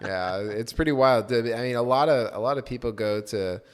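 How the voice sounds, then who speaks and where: A man's voice: mid-range voice, moderate pace, smooth. A man hosting a casual chat, rambling and self-deprecating as he talks. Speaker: podcast host.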